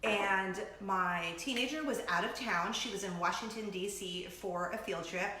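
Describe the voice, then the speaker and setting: A middle-aged woman hosting a casual chat show, talking in a bubbly, gushing way with excited asides. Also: medium pitch, measured pace, roomy sound. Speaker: host.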